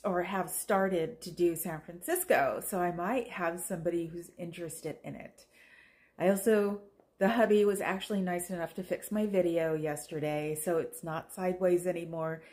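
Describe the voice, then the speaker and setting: A woman's voice: on the low side, a little mellow. A tired middle-aged woman from Oakland, California, chatting in a meandering, self-deprecating way for her vlog. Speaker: vlogger. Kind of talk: casual rambling chat.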